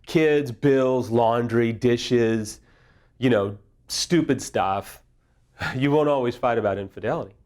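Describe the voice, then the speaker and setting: A man's voice: mid-range voice, takes it slowly, darkish tone. Middle-aged man, recovery speaker; candid, humorous, vulnerable. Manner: self-deprecating, humorous, openly vulnerable. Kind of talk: candid casual teaching talk.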